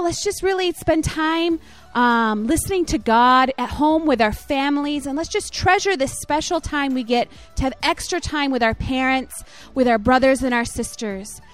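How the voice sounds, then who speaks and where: A woman's voice: high voice, a bit bright. A young woman leading a children's church message online, encouraging and telling a story. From Michigan, USA. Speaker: children's ministry leader.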